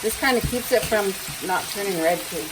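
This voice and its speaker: Speaking a little fast at medium pitch, this casual cooking vlogger chats and tells stories with easy laughter while recording herself at home. The clip is noisy, with kitchen sounds behind her.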